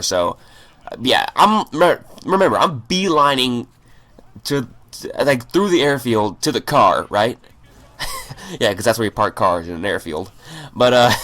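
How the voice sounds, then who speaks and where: A man hosts a gaming video and tells a long story in a loose, swearing ramble, tripping over his words and starting sentences again. His voice moves freely up and down in pitch, with a middling, ordinary register underneath. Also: pushed and bright. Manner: rambling and profane, with stammered restarts. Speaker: gaming channel host. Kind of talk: casual storytelling over gameplay.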